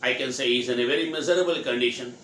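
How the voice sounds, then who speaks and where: A man's voice: mid-range voice, rapid-fire, fairly bright tone. Man, from India, vocabulary teacher, spells letter by letter, roomy echo, light background noise. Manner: spells words letter by letter, asks and answers own questions. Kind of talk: spelling out and explaining words. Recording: echoey room, faint noise.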